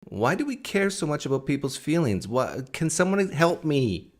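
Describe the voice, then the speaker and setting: A man's voice: on the high side, very animated, normal speed. A man hosting a live stream, reacting to a clip and firing off rhetorical questions in a casual, argumentative way.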